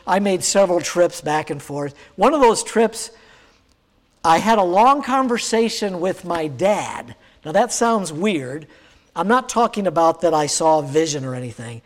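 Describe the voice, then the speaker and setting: A man in his sixties with a high voice for a man, preaching a sermon. He tells a personal story in a halting, searching way, full of fillers and restarts. His voice rings out with a long reverb from a large church hall. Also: big pitch swings. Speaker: pastor.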